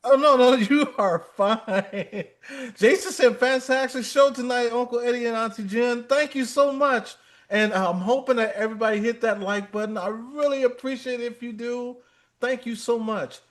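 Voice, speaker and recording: High-voiced, teasing male host. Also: steady tone, normal speed. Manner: joking and teasing, laughs a lot. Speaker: livestream host. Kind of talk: casual livestream chat.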